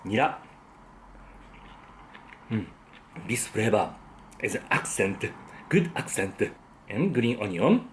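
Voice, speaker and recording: Tasting his dinner on camera, a male food vlogger keeps up relaxed commentary punctuated by frequent hums of approval. His voice is mid-range, and there's a slight hiss or hum in the recording.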